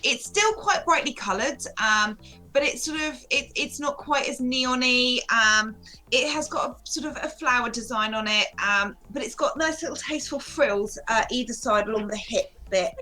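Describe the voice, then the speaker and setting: A woman with a bright, slightly high voice takes her turn in a tabletop game. She talks in a hesitant, measured way, pausing often on fillers. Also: rough recording. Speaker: player. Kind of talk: casual chat in a tabletop game.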